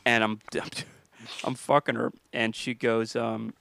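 A man's voice: medium pitch, level tone, unhurried, vocal fry, a bit bright. A man, a comedian, telling a casual story on a podcast with easy laughs. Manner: laid-back, laughing storyteller.

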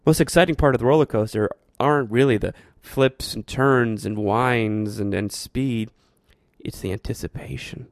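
A man's voice: mid-range voice, normal speed, vocal fry, no room sound, clean studio sound. A man hosting a show, talking through his thoughts in a rambling, reflective monologue with frequent restarts. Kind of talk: casual monologue.

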